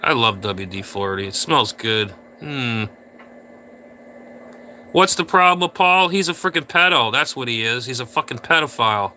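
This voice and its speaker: A man's voice: medium pitch, animated, normal speed, sharp tone, a little hiss or hum. A man hosting a casual livestream, rambling and ranting crudely at viewers in chat. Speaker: livestream host.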